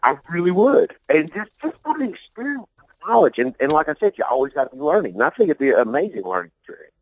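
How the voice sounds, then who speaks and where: A man's voice: fairly high pitch, big pitch swings, quick pace, poor audio. A man being interviewed about his music, talking in a loose, rambling, profane way, often repeating himself and laughing. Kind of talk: casual interview talk.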